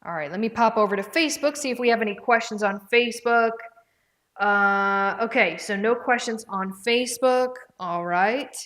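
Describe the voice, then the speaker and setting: A woman with a voice on the high side, fairly bright and at moderate pace, presents products on a casual livestream from home, her dog close by. She's chatty, addressing viewers by name, reading comments, and thinking out loud about prices.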